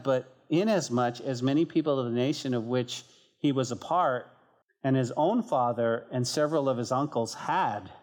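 Animated man preaching a sermon. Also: mid-range voice. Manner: animated, acts out quoted prayers, drops to a near whisper. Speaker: pastor.

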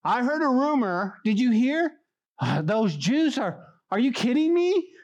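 A man's voice: extremely high pitch, very animated, unhurried, darkish tone, muffled recording, pitched above the performer's own voice, full character voice. A man preaching acts out a scornful ancient male enemy who spreads rumors in an incredulous, gossiping tone.

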